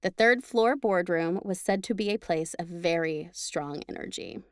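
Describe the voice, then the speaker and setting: A woman hosting a podcast, reading a ghost story aloud with chatty asides and slowing down for the spooky parts. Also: lowish voice, dry recording. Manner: lively, laughs between lines, slows for spooky parts. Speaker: podcast host.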